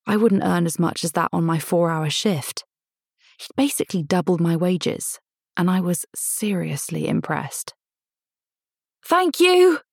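A woman narrating a first-person novel in a measured, intimate storytelling manner, lightly voicing the dialogue. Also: fairly low pitch, fairly even intonation, gravelly, darkish tone, no room sound, studio quality. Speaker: audiobook narrator.

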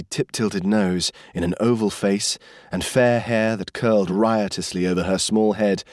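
A man narrating a romance novel in an expressive, measured storytelling manner. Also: lowish voice, dry recording, clean studio sound. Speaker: audiobook narrator. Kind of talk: scripted narration.

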